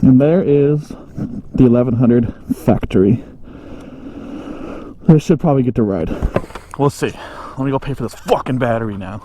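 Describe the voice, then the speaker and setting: A young man vlogging from a motorcycle, telling a story in a rambling, animated way with heavy swearing. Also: medium pitch, normal speed, long pauses. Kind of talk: casual storytelling while riding. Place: riding a motorcycle outdoors on city roads. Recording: loud wind and road noise on helmet mic. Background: engine and traffic noise.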